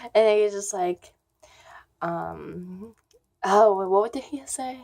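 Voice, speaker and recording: Young female vlogger, unhurried delivery, loose and rambling casual storytelling. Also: medium pitch, vocal fry, a little mellow. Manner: rambling, filler-heavy storytelling.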